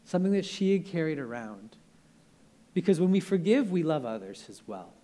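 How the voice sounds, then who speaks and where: A man's voice: on the high side, very animated, normal speed, mellow. Earnest conversational young male preacher. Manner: earnest and conversational, with frequent fillers and restarts. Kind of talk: sermon.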